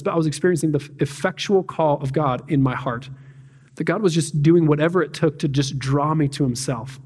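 A man preaches in a loose, talky way, dropping in fillers and playing out little voices. His voice sits a bit high for a man. The sound has a long reverb tail from a large hall. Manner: conversational, peppered with "like" and "man", acts out voices. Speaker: pastor. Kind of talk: casual sermon.

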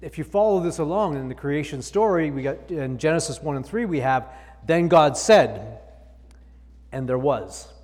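A man's voice: on the high side, a little fast, few pauses, a little mellow, long reverb tail. A male pastor preaching a sermon, reading scripture aloud and explaining it with emphatic repetition.

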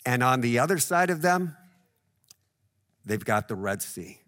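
Bright-voiced man preaching conversationally. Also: medium pitch, sing-song, measured pace. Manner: conversational, relatable everyday examples, frequent "right?". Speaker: pastor. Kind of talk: sermon.

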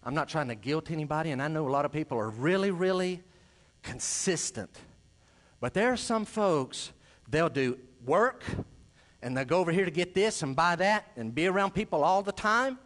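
A male pastor preaching a sermon, swinging between loud emphasis and quiet asides. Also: fairly high pitch, lively intonation, moderate pace.

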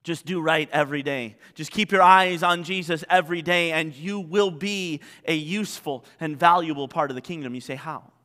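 A male pastor preaching a sermon, animated, with many rhetorical questions. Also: on the high side, moderate pace, few pauses, big-room sound.

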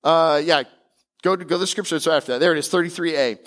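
Male pastor, sermon delivery, emphatic yet casual, higher-pitched voice. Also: a bit bright. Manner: emphatic preaching with casual asides; slows and climbs in pitch on key declarations.

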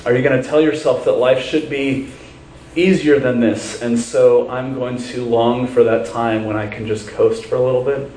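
A man's voice: mid-range voice, warm tone, roomy sound, far from the mic, a little hiss or hum, rough recording. A man preaching a sermon as pastor, telling a story with earnest conviction and then leading a prayer.

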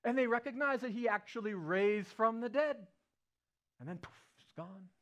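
High-voiced man preaching a storytelling sermon. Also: normal speed. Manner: animated, playful retelling with acted-out quotes. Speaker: pastor.

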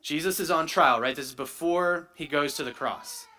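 A man's voice: a little high, moderate pace, bright, forceful tone. A man preaching a sermon, teaching in a conversational way and often checking in with "right?". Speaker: pastor.

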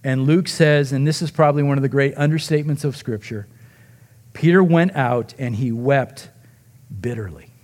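Man preaching with dramatic hushes. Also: mid-range voice, moderate pace. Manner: dramatic storytelling, dropping to a hush for emotional moments; acts out the quoted voices. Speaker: pastor. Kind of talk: sermon.

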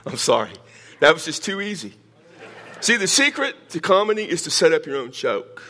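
A man's voice: a little high, big pitch swings, moderate pace, sharp tone. An older man preaching a sermon, teaching verse by verse with joking asides to his congregation. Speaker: pastor.

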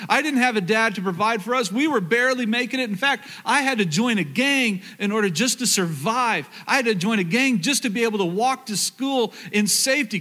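A man's voice: very high voice, pushed and bright, pitched above the performer's own voice, full character voice. Man quoting a tough young college athlete, insistent and defensive.

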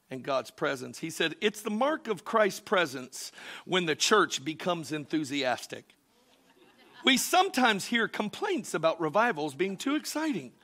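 A man, a pastor preaching a sermon, swinging between shouted exhortation and quieter teaching. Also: fairly high pitch.

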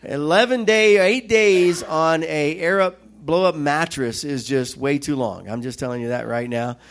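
A middle-aged man preaching a sermon, telling stories with lively quoted voices. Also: fairly high pitch, unhurried. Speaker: pastor.

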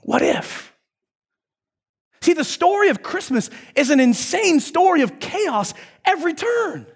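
A man preaches a sermon as a pastor, with a strikingly high voice. He tells the story like casual talk, and his pitch rises and falls in wide, animated swings. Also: moderate pace.

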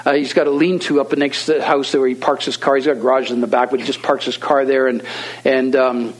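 A man's voice: medium pitch, level tone, fast talker, rough recording. A man preaching a sermon in a loose, conversational storytelling manner that is full of fillers and restarts.

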